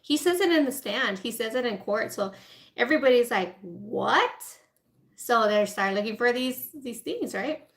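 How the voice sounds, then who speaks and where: Chatty woman vlogger, slightly high voice. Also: expressive, moderate pace. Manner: chatty, informal, lots of "like" and "right?"; acts out people in quoted asides. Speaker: food vlogger. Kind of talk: casual storytelling while eating.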